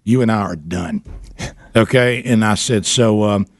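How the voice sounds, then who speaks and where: A man hosting a radio show tells a story casually and with animation, laughing and repeating words. His voice is on the low side and a little slow, captured in clean studio sound with no echo.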